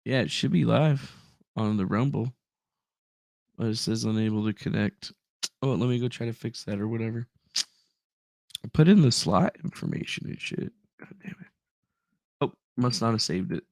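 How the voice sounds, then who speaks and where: A man's voice: lowish voice, moderate pace, gravelly, long pauses, a little mellow, no room sound, studio quality. A man hosting a live stream in a loose, rambling way, swearing and reading out viewers' names from the chat. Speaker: livestream host.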